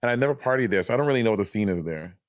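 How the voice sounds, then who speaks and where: A man in his thirties co-hosting a podcast, chatting casually with animated, quick reactions. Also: lowish voice, no echo, clean studio sound. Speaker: podcast co-host. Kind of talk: casual chat.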